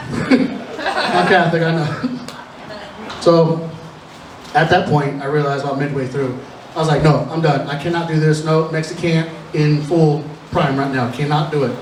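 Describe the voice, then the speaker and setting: Recorded at a distance in an echoey live room with slight background noise, a nervous young opening comedian speaks in a slightly high, unhurried voice with frequent pauses. His stand-up set is chatty, self-deprecating storytelling full of restarts.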